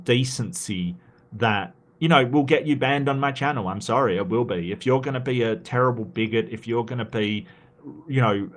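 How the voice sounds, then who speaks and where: An Australian man hosting a casual live stream, reading viewer comments aloud and rambling through replies with frequent restarts. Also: mid-range voice.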